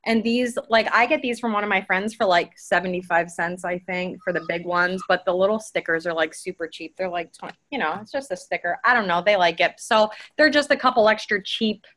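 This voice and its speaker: A woman's voice: medium pitch, brisk, hardly any pauses, fairly bright tone. A woman chatting casually on a team call, rambling with lots of fillers and restarts as she shares tips. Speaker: team member sharing tips.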